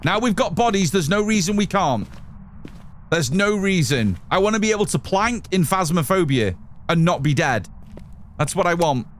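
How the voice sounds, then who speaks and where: A man streaming a game live from his home setup, chatting away to viewers and muttering to himself as he plays. His voice sits a little higher than most men's, with a faint hiss of noise behind it. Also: very animated, moderate pace. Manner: chatty, talks to chat and to himself while playing. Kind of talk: live gameplay commentary.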